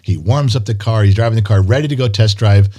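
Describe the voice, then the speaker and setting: A man's voice: fairly low pitch, fast talker, dark tone, husky. A man, a podcast co-host, chatting casually, rambling through stories and teasing his co-host. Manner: rambling storyteller, swears, teases. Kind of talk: casual chat.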